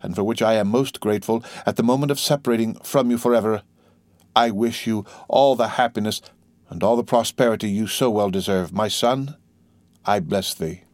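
A man's voice: fairly low pitch, moderate pace, a little mellow, dry recording, close to an everyday voice. Dying old priest, weak and fading, slipping to a whisper in a dry close read, as the male reader puts him on. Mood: solemn. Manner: faint, fading, at times whispered.

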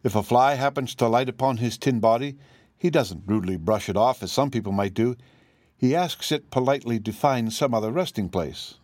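A man's voice: mid-range voice, fairly quick, a little mellow, dry recording, natural voice. A man reading an audiobook, voicing a polite, grave old wizard who explains things courteously.

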